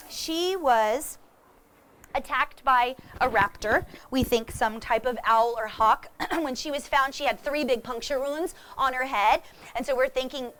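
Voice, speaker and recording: A woman giving a lively talk about wild animals to a young audience, animated and often laughing as she speaks straight to the crowd. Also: sits high, slight background noise. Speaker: wildlife educator with animal ambassadors. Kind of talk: lively presentation to kids.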